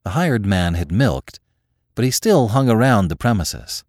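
Deep-voiced man narrating a classic tale. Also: a little slow, dry recording, studio quality. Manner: expressive reading with lively intonation. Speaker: podcast narrator. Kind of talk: scripted narration of a classic story.

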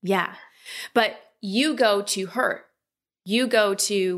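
A woman coaching a client in a calm talk, often slipping into quoted inner voices. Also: medium pitch, slow pace. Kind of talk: coaching session.

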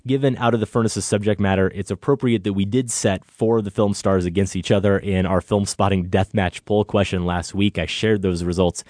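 A man co-hosting a film podcast in an easy, chatty way. His voice is deep and dry, recorded close. Promos and segments come out as upbeat, announcer-like reads. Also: steady tone, brisk, hardly any pauses, darkish tone, no echo. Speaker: podcast co-host. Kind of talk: casual film podcast chat.

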